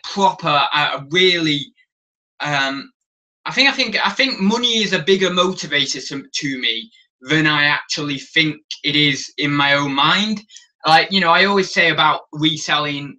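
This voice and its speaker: A man's voice: a little high, sharp tone, distant mic, poor audio. A young man in his twenties with a British accent, chatting casually on a live stream in a rambling, self-correcting way. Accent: British English. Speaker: vlogger.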